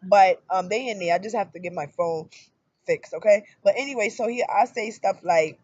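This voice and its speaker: A woman in her thirties talking casually to camera about her relationship, in an animated storytelling manner that jumps up loud for emphasis. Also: medium pitch, normal speed, dry recording, lo-fi sound. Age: 30s. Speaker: spiritual vlogger. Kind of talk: casual personal monologue.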